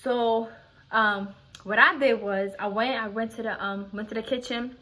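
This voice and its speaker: A young woman from Philadelphia tells a story straight to her vlog audience in a bright, forceful voice that sits a little high. Her speech is loose, slangy and profane, and she often restarts her sentences. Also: fairly even intonation, normal speed. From Philadelphia, USA. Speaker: vlogger. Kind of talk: casual storytelling.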